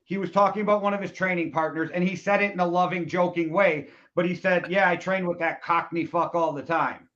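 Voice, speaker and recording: A man with a high voice chats casually on a podcast, relaxed and curious as he asks questions. The recording sounds dull and lo-fi. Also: fairly quick, hardly any pauses. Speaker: podcast co-host. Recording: dull lo-fi audio.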